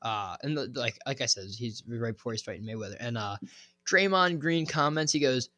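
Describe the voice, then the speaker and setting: A young man co-hosting a podcast, telling stories in a relaxed, casual way. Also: mid-range voice, fairly quick, no room sound. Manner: relaxed storytelling, lots of fillers and swearing. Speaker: podcast co-host. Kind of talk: casual chat.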